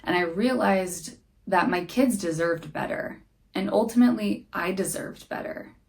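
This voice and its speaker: A woman's voice: mid-range voice, a little slow, vocal fry. A young woman hosting a podcast, speaking earnestly and candidly about her own struggles in a reflective monologue. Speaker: podcast host.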